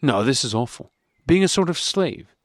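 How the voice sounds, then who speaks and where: In a lightly acted audiobook reading, a man portrays a troubled husband whose speech is stern and restrained. The recording is clean studio sound with no room tone, and his medium, lively voice moves at a moderate pace, pitched higher than his natural one.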